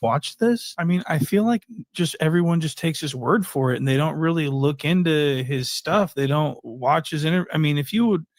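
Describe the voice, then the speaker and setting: A man's voice: fairly high pitch, expressive, normal speed, few pauses, dry recording, studio quality. A man giving casual reaction commentary in an incredulous, mocking way.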